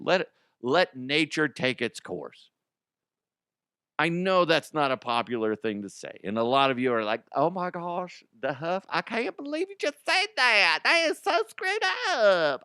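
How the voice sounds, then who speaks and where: Potty-mouthed radio guy, swings his pitch all over, dead dry studio sound. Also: clean tone, no room sound. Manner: loud, profane, animated. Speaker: radio show host. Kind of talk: crude comedic news talk.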